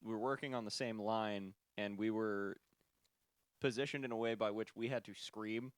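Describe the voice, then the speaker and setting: A man's voice: fairly low pitch, fairly even intonation, moderate pace, smooth, dry recording, clean studio sound. A man co-hosting a podcast in casual chat, easygoing and chuckling between remarks. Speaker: podcast co-host.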